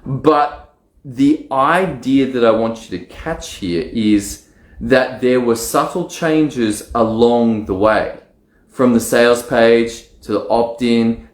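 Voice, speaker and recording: A man coaching on online marketing, talking straight to camera in a casual, animated way and acting out his own excited inner voice. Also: medium pitch, reverberant. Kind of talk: casual direct-to-camera talk.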